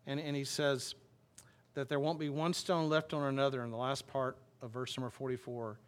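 A male pastor preaching a sermon in a conversational way, reading scripture slowly and explaining it with frequent restarts. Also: medium pitch, level tone. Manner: reads scripture aloud slowly, then explains it plainly.

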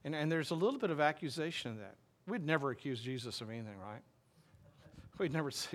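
A male pastor preaching a sermon in a conversational way, reading scripture slowly and explaining it with frequent restarts. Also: fairly high pitch, expressive. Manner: reads scripture aloud slowly, then explains it plainly.

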